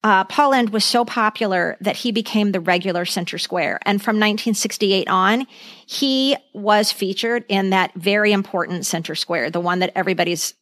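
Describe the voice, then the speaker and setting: A woman's voice: mid-range voice, normal speed, fairly bright tone, no echo. Chatty woman, dry close mic. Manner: chatty, enthusiastic storyteller reading out trivia lists. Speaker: podcast co-host. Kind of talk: casual chat.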